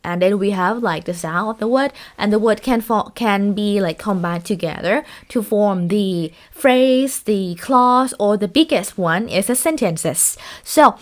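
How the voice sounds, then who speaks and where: A woman teaching a lecture, speaking in halting sentences with many fillers and restarts. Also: mid-range voice.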